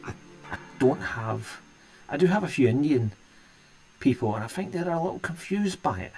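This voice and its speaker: A man's voice: fairly high pitch, animated, normal speed, vocal fry, darkish tone, faint music behind. A Scottish man hosting a live stream and chatting casually with viewers, rambling and restarting his sentences often. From Scotland. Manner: rambling, hesitant, many restarts.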